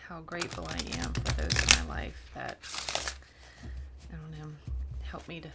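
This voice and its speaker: A woman giving a casual spiritual card reading, rambling and soft-spoken, sometimes slipping into whispers. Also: sits low, measured pace, creaky, long pauses, background noise. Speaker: spiritual reader. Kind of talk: casual channeled tarot reading.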